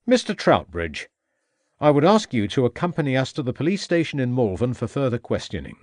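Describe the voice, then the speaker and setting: A man voicing a calm, compassionate Victorian police inspector who speaks with measured courtesy. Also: medium pitch, no echo, studio quality. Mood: firm.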